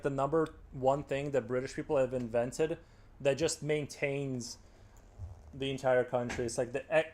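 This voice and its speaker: A man's voice: medium pitch, a little mellow. Rambling man chatting on a live stream. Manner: rambling, heavy filler "like". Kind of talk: casual live-stream chat.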